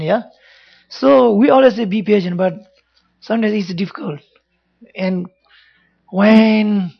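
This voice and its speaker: A man's voice: sits high, muffled recording. A man who is not a native English speaker, giving an informal Buddhist talk, earnest and repetitive, often checking in with "yeah?". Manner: earnest, repeats phrases, frequent "yeah?" checks. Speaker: Buddhist teacher.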